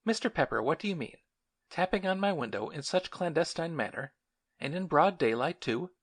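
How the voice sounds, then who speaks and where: A man voicing a stern, sharp-tongued spinster schoolmistress in an audiobook. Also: a little high, expressive, normal speed, breathy edge, voice pushed up. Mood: indignant. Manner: indignant, scolding.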